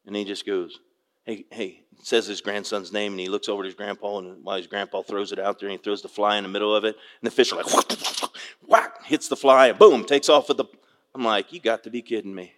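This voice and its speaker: An older man preaching a sermon, a pastor telling a fishing story with folksy, animated delivery and acting out the voices of the people in it. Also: fairly low pitch, fast talker, long reverb tail. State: tearful at moments.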